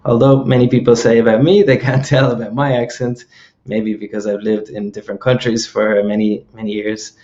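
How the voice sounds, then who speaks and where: A man's voice: on the low side, little pitch movement, brisk, darkish tone, highs cut off. An Irish man with a mild accent, patiently explaining with examples and often checking "okay?" as he goes. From Ireland. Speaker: host. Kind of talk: explanatory lesson.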